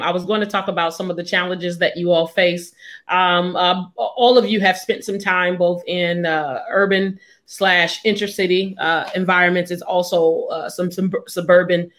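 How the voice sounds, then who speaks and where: Halting woman panel host. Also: fairly low pitch. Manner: halting, many fillers while framing questions. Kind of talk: moderating a panel discussion.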